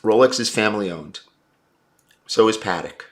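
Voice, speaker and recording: A man's voice: on the low side, normal speed. A man hosting a livestream, reading viewer comments and giving blunt, opinionated takes. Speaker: livestream host.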